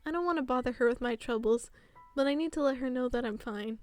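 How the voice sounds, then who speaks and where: A high-voiced woman streamer narrating a visual novel live on stream. She reads with animated energy and gets flustered easily. Faint music plays behind her. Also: quick pace.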